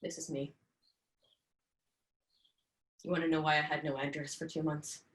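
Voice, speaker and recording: A woman's voice: sits low, flat delivery, quick pace, natural voice. A woman playing an anguished young man, roomy echo. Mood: bitter. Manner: swings from hushed to shouting. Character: frustrated young man confronting his father. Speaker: acting student. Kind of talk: dramatic monologue.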